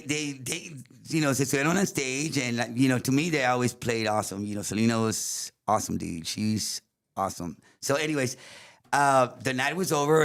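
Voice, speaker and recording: A man. He is a guest musician telling stories in casual chat. He talks in an animated way, switches between English and Spanish and laughs often. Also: lowish voice. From South Texas. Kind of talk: casual storytelling.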